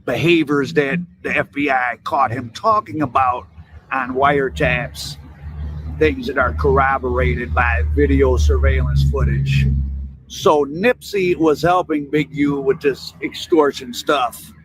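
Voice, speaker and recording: A man's voice: mid-range voice, steady tone, unhurried, background noise. A man commenting casually, retelling stories with asides and hedges.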